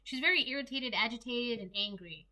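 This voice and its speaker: A woman's voice: fairly high pitch, brisk, bright, forceful tone. A young woman giving a casual solo tarot reading, rambling and chatty with lots of fillers. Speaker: tarot reader.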